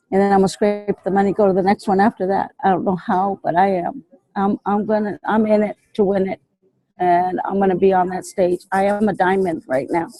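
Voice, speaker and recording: A woman's voice: medium pitch, warm tone, no echo, rough recording. Fervent woman on a video call, dry. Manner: fervent, motivational, repeats herself. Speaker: team member sharing on a call. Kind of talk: emotional testimonial.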